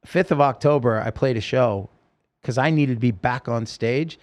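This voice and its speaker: A man's voice: medium pitch, normal speed. A man, a singer-songwriter, telling his own story in a podcast interview, earnest and rambling with many restarts.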